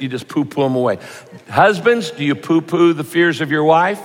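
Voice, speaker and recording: A man's voice: on the high side, animated, normal speed, long reverb tail. A man preaching a sermon as a pastor, with punchy rhyming lines and mock voices for his examples.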